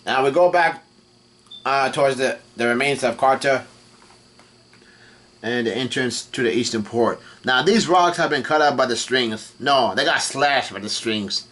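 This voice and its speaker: Man haltingly retelling a comic chapter. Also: medium pitch. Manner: halting, reads out dialogue in an even voice. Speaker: manga reaction host.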